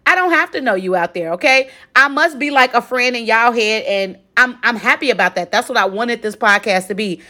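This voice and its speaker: A woman in her forties, originally from Chicago, hosts a solo podcast recap in a loose, chatty way. Her voice sits a little high, and she speaks straight to her listeners, often tagging her sentences with a quick check-in. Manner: chatty, animated, lots of direct address and 'okay?'. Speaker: podcast host.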